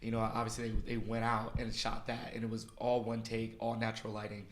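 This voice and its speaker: A man hosting a podcast interview, excitable and quick to laugh, chatting casually with his guests. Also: lowish voice, slight background noise. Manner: excitable, laughing, quick rapid-fire asides. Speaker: podcast host. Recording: roomy echo.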